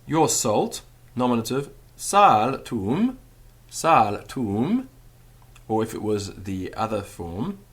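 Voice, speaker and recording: A male teacher talks through a grammar lesson at an unhurried, deliberate pace. His voice rises and falls a lot, and he repeats each phrase slowly so it sinks in. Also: slightly rough. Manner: slow, patient drilling with repeated example phrases; lively rising and falling pitch. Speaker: Latin teacher. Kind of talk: spoken language lesson.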